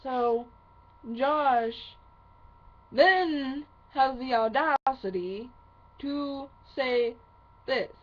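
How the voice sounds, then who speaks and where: Woman, angry venting, heavy swearing, slow drawn-out delivery, dull lo-fi recording. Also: high voice. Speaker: vlogger. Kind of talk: angry venting monologue to camera.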